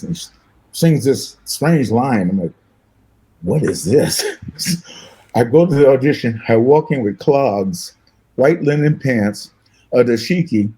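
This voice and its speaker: An older man, a guest musician, telling animated, fast-paced stories in an interview and acting out the voices of the people in them. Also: medium pitch, poor audio. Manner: fast-talking, acts out voices in his stories, laughs often.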